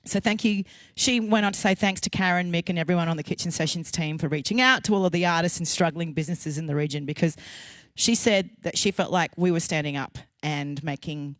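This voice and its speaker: A woman's voice: lowish voice, fairly quick, a bit bright, dry recording. Chatty Australian woman hosting a show. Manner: chatty, playful and emotional, jokes at herself. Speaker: host. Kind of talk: live stream show hosting. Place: studio kitchen. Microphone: handheld mic on a lead.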